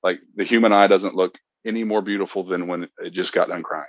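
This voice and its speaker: A man from Mississippi, a podcast guest talking openly and reflectively in a casual chat, with halting restarts. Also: low-pitched, steady tone, no room sound, dull audio.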